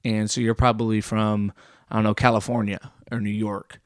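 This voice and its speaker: A young man doing an absurd deadpan comedy monologue, rambling with many fillers and self-corrections. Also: on the low side, moderate pace, clean tone, dry recording, clean studio sound.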